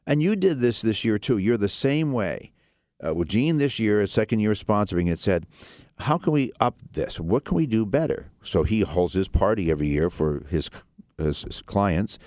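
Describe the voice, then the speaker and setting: A man's voice: sits low, lively intonation, moderate pace, darkish tone, no room sound, clean studio sound. A man hosting a radio talk show, speaking earnestly in a rambling way, with many restarts and fillers.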